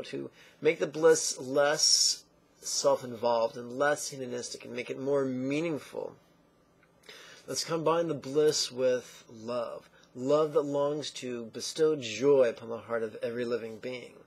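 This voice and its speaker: A man teaching a guided meditation lesson, speaking slowly and calmly with playful asides and long intoned chants. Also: mid-range voice, husky.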